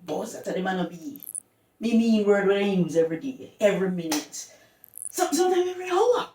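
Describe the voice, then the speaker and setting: A woman's voice: medium pitch, very animated, a little fast, warm tone, recorded from a distance, slight background noise. A woman with a Jamaican accent explaining words in a casual, sing-song way, switching between patois and plainer English. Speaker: culture vlogger. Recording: echoey room, voice from off mic.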